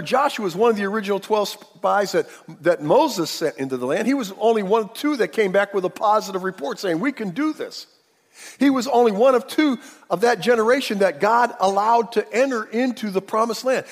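A man delivers a sermon in a high, very lively voice. He acts out the quotes dramatically, swinging from loud outbursts to hushed asides. A long reverb trails each phrase in the hall. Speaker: preacher.

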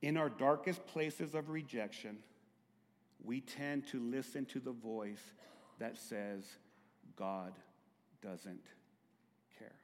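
A middle-aged man preaching a sermon as pastor, moving between hushed, drawn-out phrases and loud, high-pitched crying out. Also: long reverb tail.

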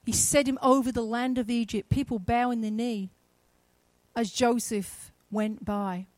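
A woman preaching a sermon, retelling a story with shifts from quiet to loud, emphatic passages. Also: on the high side, steady tone, measured pace, dry recording.

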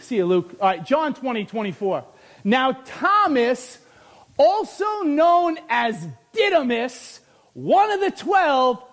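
A man preaching a sermon in a church hall, animated and often shouting as he tells funny stories about himself. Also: extremely high pitch. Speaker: pastor.

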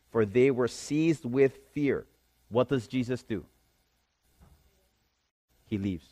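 A man's voice: mid-range voice, a little mellow, dry recording. A man preaching a sermon, reading scripture aloud and explaining it, often checking in with his listeners. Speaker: pastor.

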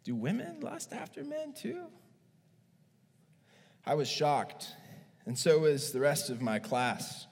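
A male pastor preaching a sermon in an animated, joking way, acting out stories as he goes. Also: a little high, takes it slowly, pauses often, big-room sound.

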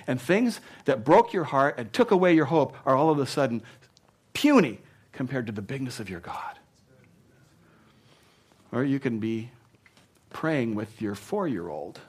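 Emphatic preaching man, mid-pitched. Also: breathy edge. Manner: emphatic, swinging between punchy loud lines and hushed asides; conversational, with frequent "you know". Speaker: pastor. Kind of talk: sermon.

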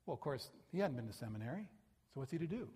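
A man's voice: medium pitch, fast talker, slight background noise. A male pastor preaching a sermon and telling stories with animation. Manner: animated, acts out the people in his stories. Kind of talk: sermon storytelling. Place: church sanctuary.

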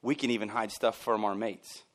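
A man's voice: fairly low pitch, fairly even intonation, moderate pace. A man pastor preaching a sermon in a church, chatty and joking, acting out the voices of people he quotes.

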